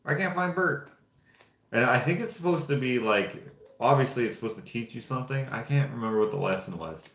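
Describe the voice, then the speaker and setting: A man's voice: medium pitch, lively intonation, fast, gravelly. A young man from Canada chatting casually and rambling offhand while painting figures. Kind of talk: casual chat. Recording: roomy echo.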